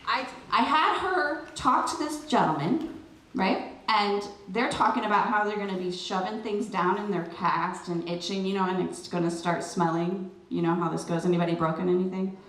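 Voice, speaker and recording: A middle-aged woman speaking at an event, telling a personal story in an animated, chatty way with lots of fillers. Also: mid-range voice, normal speed. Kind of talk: storytelling speech to a crowd. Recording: roomy, distant PA sound with light noise.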